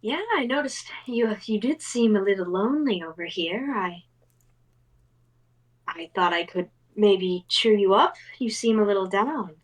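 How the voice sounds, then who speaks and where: A woman's voice: mid-range voice, measured pace, rough recording. A woman playing in a tabletop game, chatting casually and hesitantly. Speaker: player.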